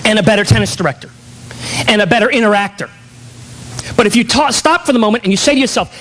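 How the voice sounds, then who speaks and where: High-pitched man giving a keynote. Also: fast talker, a bit bright, low-quality recording. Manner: emphatic, rhetorical questions. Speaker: keynote speaker. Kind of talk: motivational keynote speech. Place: conference hall.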